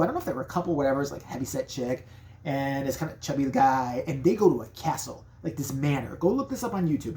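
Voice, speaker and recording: Brash, swearing woman with a low voice. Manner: brash, swearing, rambling and animated. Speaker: comedic storyteller. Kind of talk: profane comedic rant.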